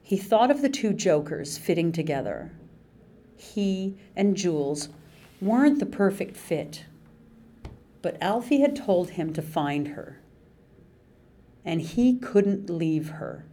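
Woman reading an audiobook, kinda low voice, slow and even. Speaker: audiobook narrator. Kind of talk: scripted narration.

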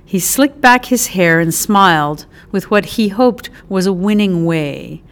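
A woman narrating an audiobook with an expressive, animated delivery. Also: medium pitch, measured pace, hardly any pauses.

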